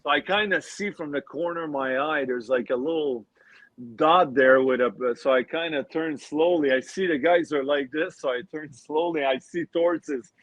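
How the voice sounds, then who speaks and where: A man's voice: a little high, normal speed, a bit bright, no echo, rough recording. Dry-sounding man telling stories. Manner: laughing anecdotes with fillers. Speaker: guest, former pro hockey player. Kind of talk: casual podcast storytelling.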